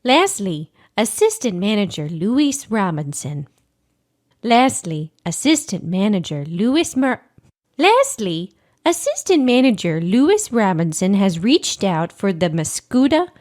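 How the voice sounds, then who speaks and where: A woman's voice: medium pitch, big pitch swings, unhurried, darkish tone. A woman playing a flustered small-town TV host who stumbles over names while reading community announcements. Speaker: public access TV host.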